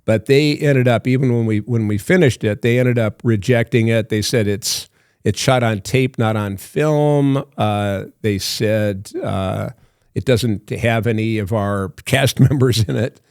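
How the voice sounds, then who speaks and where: An older man with a low, gravelly voice tells a long story as a podcast guest. He rambles and halts, filling gaps with plenty of uhs and ums, and slips into the voices of the people in his story. The sound is close and dry. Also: a little mellow, no room sound. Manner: rambling, halting with many fillers, acts out phone calls. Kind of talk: casual storytelling.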